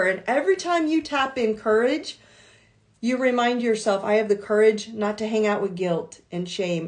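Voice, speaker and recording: A woman's voice: mid-range voice, darkish tone. A woman coach giving an earnest, encouraging live-stream talk full of repeated affirmations. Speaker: life coach.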